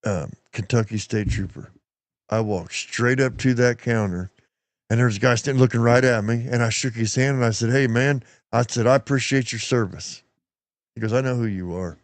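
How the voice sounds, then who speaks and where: A man's voice: mid-range voice, fairly even intonation, moderate pace, no echo. A plain-spoken, folksy middle-aged man tells stories on his podcast, now and then slipping into other people's lines. His voice sits in an ordinary middle range. The sound is close and dry, with no room around it. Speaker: podcast host. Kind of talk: casual storytelling chat.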